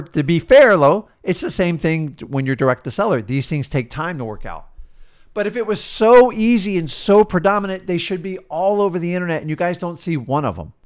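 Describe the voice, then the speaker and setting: A middle-aged man coaching in an emphatic, worked-up rant, swinging between loud bursts and quiet asides. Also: fairly high pitch, smooth. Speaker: real estate coach.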